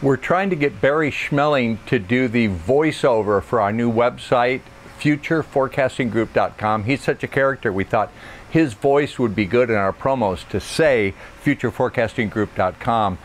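A male host in a casual comedic talk, chatty and low-key. His voice sits at an average pitch, with faint background noise. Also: moderate pace.

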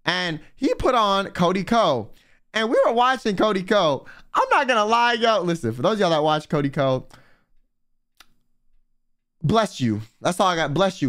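High-voiced animated young man telling stories. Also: normal speed. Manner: animated, profane, swings loud and quiet. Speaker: vtuber and livestreamer. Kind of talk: casual storytelling.

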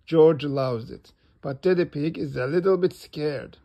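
A man reading a children's picture book aloud in an animated way. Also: a little high. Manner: slow and animated. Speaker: storybook reader.

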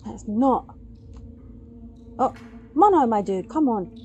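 A woman giving gaming commentary, excitably urging her character on and yelping at scares. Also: fairly high pitch, slow pace, lo-fi sound, a little hiss or hum. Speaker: let's play gamer.

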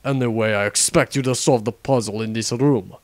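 A man voicing a petty, menacing villain boss in a comedic fan parody, talking low and slow. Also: steady tone, natural voice. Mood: smug. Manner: low, slow, sneering threats.

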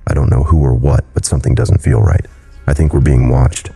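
A man voicing a nervous, frightened young man in a horror story, with a gravelly, husky voice. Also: very deep voice, steady tone, a little fast, warm tone, soft background music, exaggerated voice.

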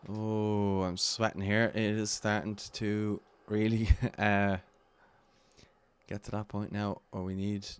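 A man's voice: lowish voice, level tone, slow, clean tone. An Irish man commentating his own football video game match live, anxiously urging his players on.

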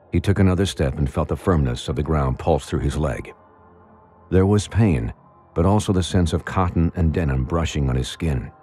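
A man narrating an audiobook in a dramatic, measured storytelling manner. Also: a bass voice, dark tone. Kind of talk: scripted narration.

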